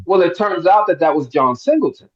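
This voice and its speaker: A man's voice: high voice, brisk, highs cut off, a little hiss or hum. A middle-aged man from Miami, an actor telling a long anecdote at a roundtable interview and acting out the voices in it. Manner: animated storyteller, acts out quotes. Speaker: actor guest.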